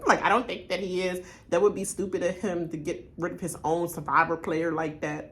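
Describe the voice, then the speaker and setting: A woman hosting a reaction video, giving casual, blunt commentary. She laughs often, trash-talks freely, and swings between loud outbursts and quiet asides. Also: fairly low pitch, little pitch movement, normal speed. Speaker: reaction channel host.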